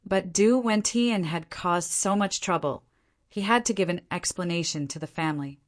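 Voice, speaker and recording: A woman narrating a translated novel audiobook in a steady storytelling manner. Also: on the low side, moderate pace. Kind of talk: scripted narration.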